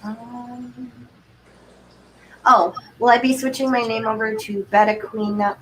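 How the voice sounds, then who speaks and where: A woman from Vermont, a livestream guest, telling rambling stories in a chatty, animated way. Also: on the high side, takes it slowly. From Vermont, United States. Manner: chatty, rambling, breathless anecdotes with quoted asides. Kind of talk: casual chat, animated storytelling. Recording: distant mic, faint background noise.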